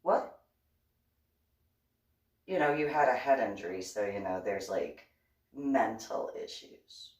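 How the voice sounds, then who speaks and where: A woman telling a story in a casual monologue, animated and prone to laughing fits. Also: very deep voice, takes it slowly, pauses often, roomy sound, distant mic, poor audio. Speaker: podcast host.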